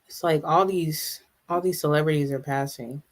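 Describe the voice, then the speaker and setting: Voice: mid-range voice, fairly even intonation. Chatty live streamer reacting to chat. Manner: chatty, answers live viewers' comments; halting, many restarts and asides.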